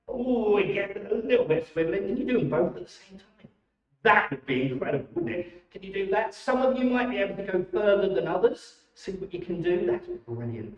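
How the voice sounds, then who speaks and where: A man leading children through warm-up exercises at a church holiday club, enthusiastic and encouraging, in a church hall. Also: high voice. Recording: echoey, dull sound from a distant mic.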